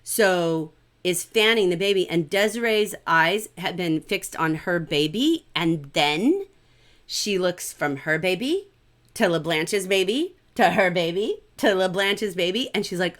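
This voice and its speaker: A middle-aged woman teaching a livestreamed literature class in an animated, conversational way, often checking in with "right?". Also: mid-range voice, normal speed.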